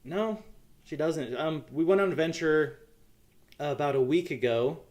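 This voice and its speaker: Earnest, halting American man. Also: a little high, darkish tone. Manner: halting, many ums, earnest. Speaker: YouTube channel host. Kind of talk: casual livestream chat.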